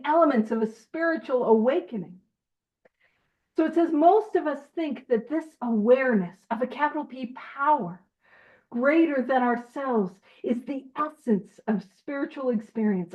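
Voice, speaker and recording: A fairly high-voiced woman leads a group study over an online call, reading passages aloud and breaking in with emphatic, joking asides. Her audio is a bit dull and lo-fi. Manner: animated and emphatic, jokey asides.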